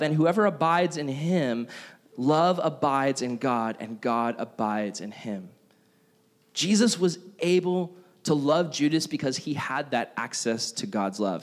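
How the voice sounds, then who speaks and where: A young man preaching a casual sermon to a youth group, acting out voices from everyday stories. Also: on the high side. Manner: casual, animated, acts out quoted voices. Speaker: youth pastor.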